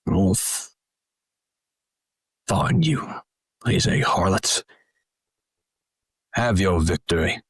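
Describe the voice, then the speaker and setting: A man's voice: low-pitched, lively intonation, drawn-out words, long pauses, no echo, clean studio sound, heavily acted. A man voicing a grumbling, hostile male town guard who spits out contempt. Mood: scornful. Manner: contemptuous, gruff.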